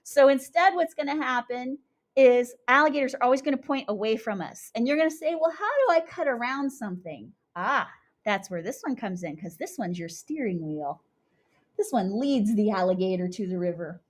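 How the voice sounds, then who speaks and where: A young woman teaching young children, animated and sing-song as she chants rhymes and talks through each step. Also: on the high side, normal speed. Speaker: kindergarten teacher.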